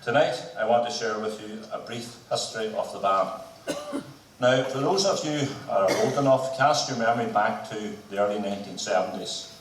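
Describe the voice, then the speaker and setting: Elderly Northern Irish bandmaster, echoey hall. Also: male voice, on the low side, far from the mic, slight background noise. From Northern Ireland. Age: 80s. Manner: measured, formal. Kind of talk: prepared speech on the band's history. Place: concert hall.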